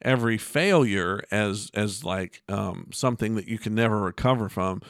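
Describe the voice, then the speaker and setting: A man's voice: on the low side, no echo. Middle-aged guy hosting a faith chat show, jokey, keeps restarting his sentences, dry close sound. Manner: joking, halting with many restarts. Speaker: host. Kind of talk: casual Christian podcast chat.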